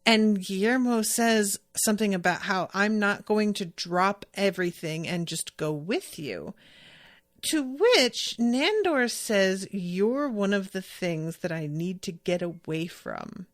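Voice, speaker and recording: A woman's voice: mid-range voice, lively intonation, slow pace, no echo, studio quality. A woman hosting a podcast, recapping a TV episode in casual chat, rambling and correcting herself as she quotes scenes. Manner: chatty, rambling, self-correcting, quoting scenes. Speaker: podcast host.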